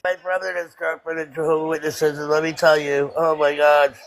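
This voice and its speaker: A man's voice: on the high side, flat delivery, fairly quick, poor audio. A man chatting casually and emphatically about his family. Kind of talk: casual chat.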